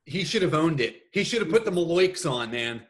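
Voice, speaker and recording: Lively wisecracking panelist man. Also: fairly high pitch, fairly quick. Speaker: regular panelist. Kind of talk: casual panel banter.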